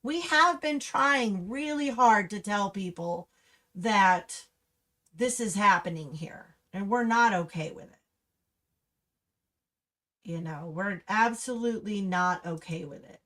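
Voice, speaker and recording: A middle-aged woman, talking on a livestream in an impassioned, ranting way that rises to angry shouts. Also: medium pitch, takes it slowly. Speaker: livestream host. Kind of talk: livestream commentary over slideshow.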